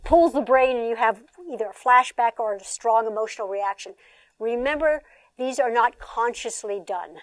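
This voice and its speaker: An older woman leads a training workshop in a fairly high voice, animated and chatty, tossing rhetorical questions to a seated audience. The sound is dry and close, with almost no room echo. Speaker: trainer and former therapist.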